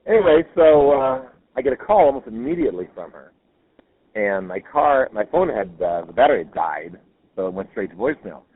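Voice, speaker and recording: A man's voice: mid-range voice, very animated, fairly quick, dry recording. A man telling a listener's ghost story in a rambling, casual way, with many fillers and self-corrections. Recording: tinny phone-line audio.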